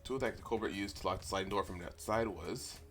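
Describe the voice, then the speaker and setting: A man's voice: low voice, fast talker, fairly bright tone, soft background music. A man streaming a game live, chatting casually with viewers, stammering and laughing as he talks. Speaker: let's play streamer.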